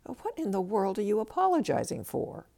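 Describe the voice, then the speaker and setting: A woman's voice: medium pitch, huge pitch swings, normal speed, creaky, warm tone. A woman hosting a self-help podcast, giving direct, coaching advice from a script and acting out bits of dialogue.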